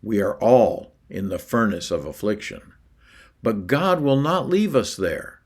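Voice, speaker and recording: Slow, measured male rabbi reading scripture. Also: fairly low pitch, expressive, a little mellow. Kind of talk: sermon devotional reading.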